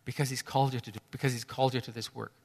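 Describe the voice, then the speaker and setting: A man's voice: mid-range voice, fairly even intonation, very fast, a little mellow, breathy edge, long reverb tail. A man preaching a sermon to his congregation, emphatic and fond of repeating key phrases for effect. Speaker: pastor.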